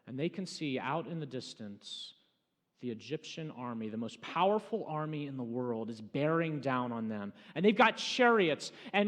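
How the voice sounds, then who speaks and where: A high-pitched man preaches in a church sanctuary and retells a story with drama. His voice swings from urgent, loud bursts to quiet, hushed passages, and a long reverb trails each phrase. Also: expressive, measured pace. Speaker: pastor. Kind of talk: sermon storytelling.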